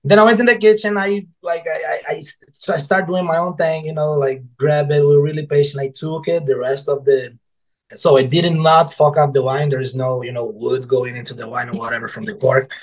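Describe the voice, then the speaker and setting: A man with a fairly high voice tells a story in casual chat. He is animated, swears freely and acts out his own quotes. His has a turn. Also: a little fast, poor audio. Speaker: guest author and former server.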